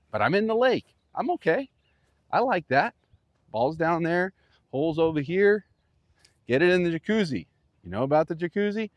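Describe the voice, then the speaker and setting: A man teaching golf out on the course, his voice swinging up and down as he jokes and paints pictures for the viewer. Playful and animated, speaking with an outdoor mic. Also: on the high side. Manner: playful, animated coaching with vivid imagery. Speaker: golf instructor.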